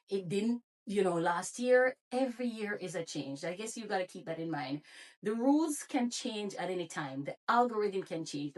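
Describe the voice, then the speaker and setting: A woman with a Jamaican accent speaks in a relaxed, motivational vlog. She works as a therapist and makes videos, and she keeps her viewers going with pep talk and repeated rhetorical questions. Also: mid-range voice, recorded from a distance. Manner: encouraging, full of rhetorical questions. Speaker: YouTube creator and therapist.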